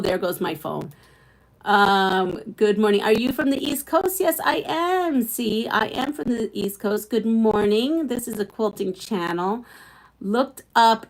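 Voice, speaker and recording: This is a middle-aged woman with a Brooklyn accent, hosting a casual live stream for her quilting channel. She chats with her viewers, reminisces easily, and reads their comments out loud as they come in. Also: mid-range voice, animated, a little slow, poor audio. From Brooklyn, New York.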